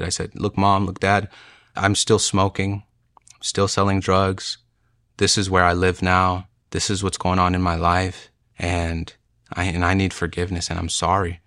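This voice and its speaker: A man's voice: sits low, pushed and bright, no room sound. A young man earnestly telling his personal conversion testimony in a casual storytelling way, with frequent fillers. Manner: earnest, emotional, with frequent "you know" fillers. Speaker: speaker sharing a conversion testimony.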